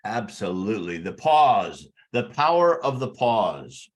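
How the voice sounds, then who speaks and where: A man who is a guest on an interview about public speaking, talking emphatically and deliberately shifting his speed and volume. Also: lowish voice, sing-song. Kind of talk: casual interview chat.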